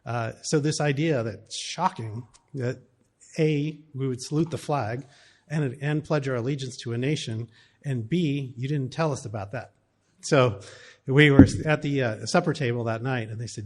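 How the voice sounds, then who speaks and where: A man's voice: mid-range voice, moderate pace. American man telling family stories. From United States. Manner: conversational, storytelling with fillers. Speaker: speaker on cross-cultural family life. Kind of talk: talk to an audience.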